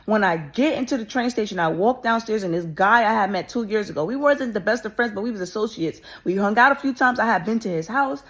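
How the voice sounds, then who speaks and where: A woman telling a personal story in a rapid, intense way, restarting often and swearing. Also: mid-range voice, lively intonation. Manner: intense and emotional.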